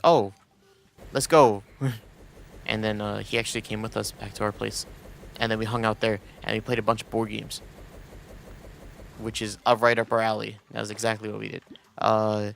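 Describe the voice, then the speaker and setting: A man's voice: lowish voice, creaky, a bit bright, slight background noise. Rambling young man, casual stream chat. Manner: rambling, many restarts and quoted asides.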